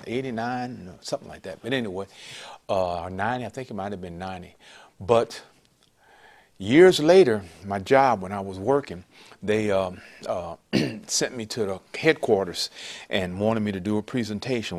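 A middle-aged man preaching a sermon, telling a rambling personal story with many restarts that rises into loud, emphatic preaching. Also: fairly low pitch. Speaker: pastor.

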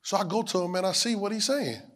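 A male preacher with a high, lively voice talks fast, his pitch rising and falling as he works the congregation in call-and-response fashion. He repeats lines for emphasis and asks if they're hearing him. His sermon builds to loud, shouted peaks, then drops back down.

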